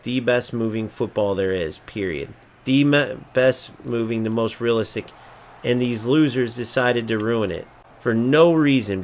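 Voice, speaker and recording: A man at an ordinary middle pitch rants through his football video game match, cursing constantly and mocking his opponents. He drops to low mutters, then bursts out loud again. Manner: angry, profane, swings between mocking and muttering. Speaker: gaming streamer. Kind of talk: ranting live gameplay commentary.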